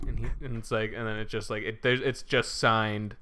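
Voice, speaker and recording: A man's voice: lowish voice, level tone, moderate pace, sharp tone. Man spinning a rambling story. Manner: rambling, acts out characters' lines, swears and laughs. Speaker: podcast co-host. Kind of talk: casual podcast storytelling.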